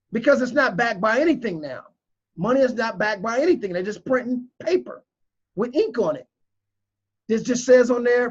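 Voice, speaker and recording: A man's voice: very high-pitched, lo-fi sound. A man giving emotional, preachy video commentary, repeating his points with strong emphasis. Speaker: crypto commentator.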